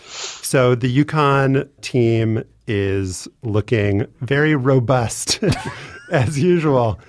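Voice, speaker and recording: A man hosting a podcast, introducing a guest and asking relaxed, chatty questions. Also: medium pitch, very slow, no room sound. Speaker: podcast host. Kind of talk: casual podcast interview.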